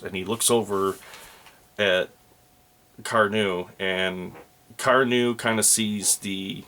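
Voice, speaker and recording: A man's voice: lowish voice, steady tone, slow, long pauses, bright, forceful tone. A man narrating a solo tabletop role-playing game, speaking hesitantly with many ums and uhs.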